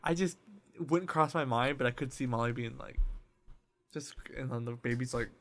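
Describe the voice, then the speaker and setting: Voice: mid-range voice, normal speed. A young adult co-hosting a casual comedy podcast, joking loosely with stumbling restarts. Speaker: podcast co-host.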